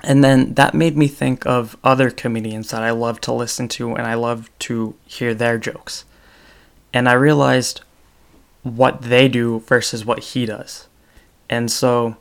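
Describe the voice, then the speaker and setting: A young podcast host talks casually and solo about storytelling, his speech rambling and peppered with ums and restarts. The delivery is flat and a little slow, with a medium pitch and a creaky yet clean tone.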